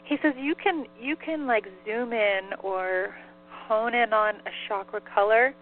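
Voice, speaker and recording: A woman's voice: fairly high pitch, a little slow, faint music behind. A woman relaying a spirit's messages in casual call-in talk, giggling often and peppering her speech with "like.". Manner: giggly, chatty, many "like" fillers. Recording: phone line with faint mains hum.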